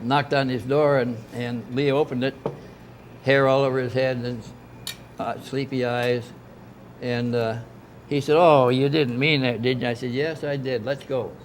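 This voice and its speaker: Against slight background noise, an older man with a mid-range voice casually recounts a long story as an interviewee. He rambles anecdotally and acts out quoted dialogue.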